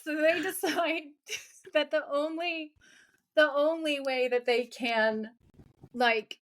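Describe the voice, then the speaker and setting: Woman cohost chatting about a tv episode, higher voice, giggles a lot. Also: slow. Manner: animated, laughs often. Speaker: podcast co-host. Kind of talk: casual chat recapping a TV episode.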